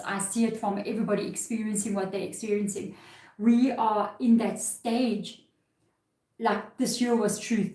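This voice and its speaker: A woman's voice: medium pitch, mellow. Woman, live tarot reading, earnest, emotional, echoey room. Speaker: tarot reader.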